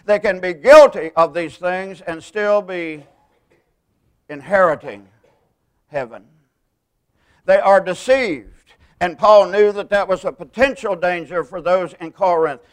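A man preaching a sermon, stressing single words and slowing down to quote scripture. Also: high-pitched, smooth.

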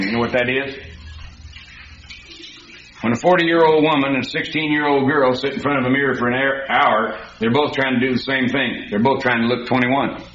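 Folksy preacher in echoey church. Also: male voice, medium pitch, a bit bright, slight background noise. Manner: folksy, storytelling, rising to emphatic. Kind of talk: sermon. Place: church hall. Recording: dull, echoey hall recording.

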